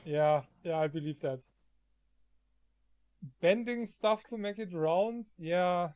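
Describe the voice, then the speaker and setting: A man streaming from home, chatting casually, often halting and laughing. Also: high-pitched, darkish tone, clean tone, no room sound.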